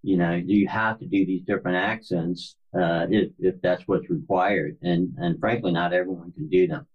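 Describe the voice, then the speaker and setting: A man from Florida speaks as an author guest in a deep, slightly husky voice. His sound comes through muffled and lo-fi. He talks haltingly and often restarts his sentences. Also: fairly even intonation. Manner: halting, many fillers and restarts. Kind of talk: conversational interview.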